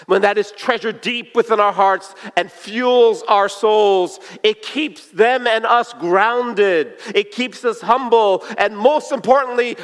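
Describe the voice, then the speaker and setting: A man with a fairly high voice delivers a sermon in an earnest, storytelling way. He slows down and lowers his voice to a hush on the key points. His words ring out with the long reverb of a big hall. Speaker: pastor.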